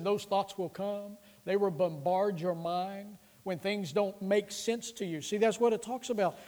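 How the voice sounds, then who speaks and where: A middle-aged pastor preaches in a high-pitched voice, pressing his points with repeated phrases and frequent restarts. When he quotes scripture, he lifts his voice and slows into a declaiming cadence. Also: a little mellow. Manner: recites scripture passages in a raised voice. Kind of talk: sermon.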